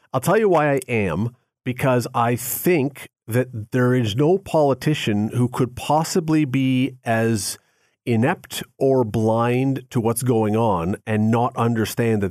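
A man's voice: mid-range voice, darkish tone, dry recording, studio quality. A man, a radio host, giving emphatic opinions in a casual on-air chat. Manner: opinionated, emphatic, mocks quoted complaints.

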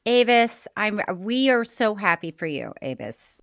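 A woman's voice: medium pitch, very animated, unhurried, gravelly, fairly bright tone. A middle-aged woman co-hosting a podcast in casual chat, laughing often and reading listener mail aloud. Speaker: podcast co-host.

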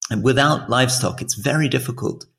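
A man in his forties co-hosts a political podcast and lays out his points earnestly. There is a strong gravelly fry in his voice. His pitch sits in the middle range. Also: a little fast, fairly bright tone. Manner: earnest and explanatory. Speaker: podcast co-host. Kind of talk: casual political chat.

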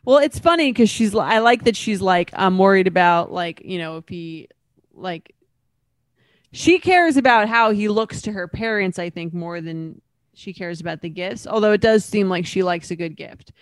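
Woman co-hosting a relaxed podcast chat. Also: mid-range voice, normal speed, no echo. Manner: relaxed, conversational, trails off mid-thought. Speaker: podcast co-host. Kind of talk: casual chat.

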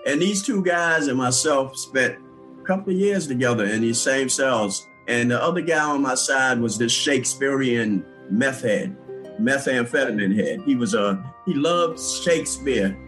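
Older man, mid-pitched voice, conversational storytelling, restarts often, chuckles, soft music underneath. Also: low-quality recording. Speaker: interviewee. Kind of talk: recalling his past in an interview.

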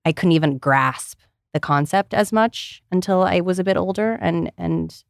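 A woman's voice: on the low side, normal speed, vocal fry, no echo, clean studio sound. A woman in her thirties from Ohio, chatting as a podcast guest in a bubbly way, full of "like" fillers. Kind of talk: casual chat.

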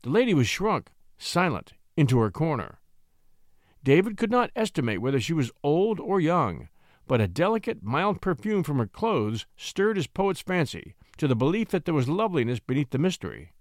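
Male audiobook narrator, animated and expressive, dry close recording. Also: fairly high pitch, moderate pace, no echo. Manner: expressive reading. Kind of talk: scripted storybook narration.

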